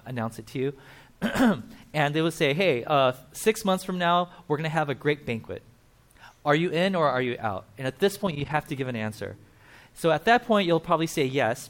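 A man preaching a casual sermon, chatty and full of fillers, often acting out quoted voices. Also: on the high side. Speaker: pastor.

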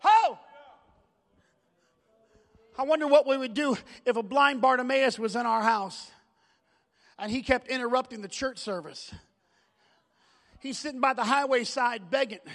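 A male pastor preaching a fervent sermon, repeating phrases and building up to shouts. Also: extremely high pitch, normal speed, in a large hall.

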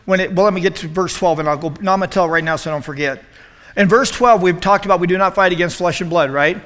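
A youth pastor in his forties telling an animated story in a youth sermon, acting out quotes with self-deprecating humor. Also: high voice. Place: church youth room. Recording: long hall reverb.

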